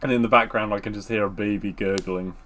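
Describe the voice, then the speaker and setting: A man with a fairly low voice chats on a casual podcast. He talks in a relaxed, easygoing way, laughs often and drops the odd swear word. The chat sounds unscripted. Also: quick pace. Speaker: podcast co-host.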